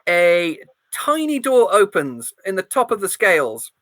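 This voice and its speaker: A woman's voice: medium pitch, very animated, measured pace, fairly bright tone, dry recording, low-quality recording. A woman running a tabletop role-playing game as game master, narrating in a giggly, playful way.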